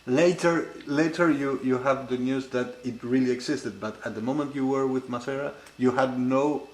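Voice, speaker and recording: Man asking halting questions. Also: mid-range voice, steady tone. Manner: halting questions with frequent restarts. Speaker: interviewer. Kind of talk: oral history interview. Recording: echoey room with faint hiss.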